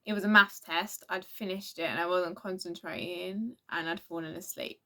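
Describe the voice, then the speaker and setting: A woman's voice: on the low side, fairly even intonation, normal speed, sharp tone. A teenage girl, telling a rambling storytime in a casual vlog, full of restarts and acted-out quotes. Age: teens. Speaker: vlogger.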